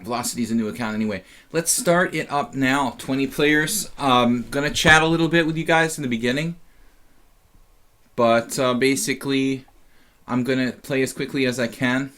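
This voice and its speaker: A man's voice: medium pitch, normal speed, a bit bright. A tired man casually commentating his chess simul on a live stream, rambling and chatty with lots of fillers.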